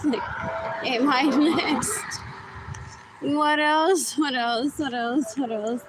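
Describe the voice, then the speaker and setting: A woman's voice: high voice, steady tone, drawn-out words. A woman rambling through a live-stream monologue, often repeating herself and laughing between phrases. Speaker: livestream host. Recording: loud street traffic noise.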